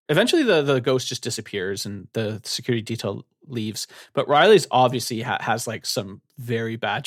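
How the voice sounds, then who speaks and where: A man's voice: medium pitch, no room sound, clean studio sound. Man casually retelling a novel's plot. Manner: retells plot in a loose, animated way with many "like" fillers. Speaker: podcast co-host. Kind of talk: casual book discussion.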